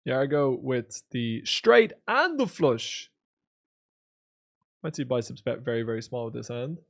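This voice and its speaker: A male poker streamer giving casual live commentary on replays. He reads out viewers' comments and swings between low mutters and loud, excited outbursts. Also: a little slow.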